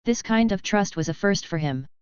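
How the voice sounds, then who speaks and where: A woman reading a web novel aloud as an audiobook narrator, in an even, measured way. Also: medium pitch, smooth, dry recording, lo-fi sound.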